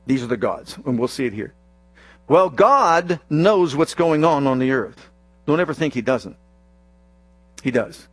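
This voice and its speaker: A man preaching a sermon reads scripture in a slow, stretched-out, heavily stressed cadence, dropping dramatically into a low hush for emphasis. He puts call-and-response questions to the congregation. The recording is dry and close, with a faint mains hum.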